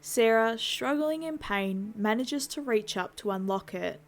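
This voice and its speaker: A woman's voice: fairly high pitch, lively intonation, a little slow. A woman hosting a horror channel, reading a scripted scene-by-scene film recap and dropping in wry asides. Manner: wry asides between plain plot retelling.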